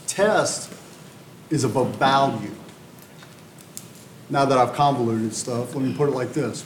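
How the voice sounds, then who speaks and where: A man's voice: on the high side, a little mellow. A man in a Bible study group earnestly sharing his thoughts, rambling a little. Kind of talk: casual group discussion. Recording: echoey room with faint background noise.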